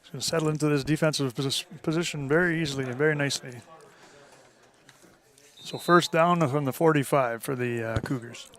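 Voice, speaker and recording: A man with a Canadian accent giving relaxed, chatty colour commentary at an outdoor football game, with plenty of fillers. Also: a little high, a little fast. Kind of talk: casual sports colour commentary.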